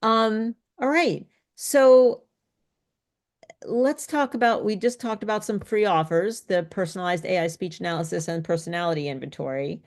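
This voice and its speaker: A woman's voice: fairly low pitch, moderate pace. A woman speech coach teaching an online workshop in an explanatory, coaching way over a video call.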